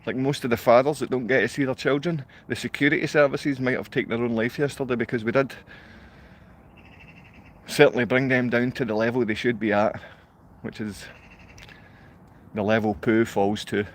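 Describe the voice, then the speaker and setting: A man's voice: medium pitch, steady tone, normal speed, a little hiss or hum. A Scottish man ranting in a rambling monologue to a live online audience. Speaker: livestreamer.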